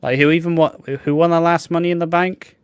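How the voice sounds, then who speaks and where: A man's voice: on the high side, little pitch movement, a little fast, clear, resonant tone, dry recording, studio quality. A young man co-hosting a podcast, chatting bluntly about wrestling with lots of slang and swearing. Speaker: podcast co-host. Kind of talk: casual wrestling chat.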